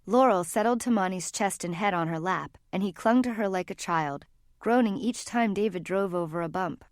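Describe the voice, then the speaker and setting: A woman narrating a fantasy novel in an even, measured storytelling voice on a close mic. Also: mid-range voice, no echo. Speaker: audiobook narrator. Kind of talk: scripted narration.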